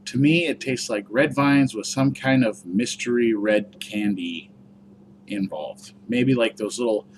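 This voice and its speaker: A man's voice: medium pitch, unhurried, slight background noise. Chatty man rambling through a review. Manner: rambling, chatty, many fillers. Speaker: product reviewer. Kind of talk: casual review vlog.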